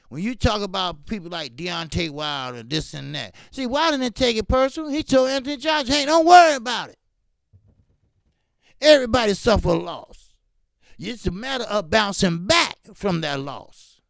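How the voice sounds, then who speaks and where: A man's voice: high voice, vocal fry, fairly bright tone, no echo, clean studio sound. A man hosting a boxing talk stream, ranting fiercely with lots of repetition and profanity while greeting his chat. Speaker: boxing talk show host. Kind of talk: live-stream commentary, reading chat.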